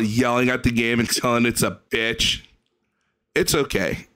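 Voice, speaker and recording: A man's voice: medium pitch, fairly even intonation, a little slow, fairly bright tone, clear, resonant tone. A man hosting a reaction video, ranting and mocking the gameplay he watches with profane sarcasm. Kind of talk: mocking commentary over gameplay.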